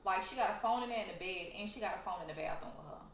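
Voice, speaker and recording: A woman's voice: mid-range voice, rapid-fire, a bit bright, a little hiss or hum. A young woman vlogger telling a storytime to her viewers in a blunt, profane, heated way. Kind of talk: casual storytelling to camera. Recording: roomy echo.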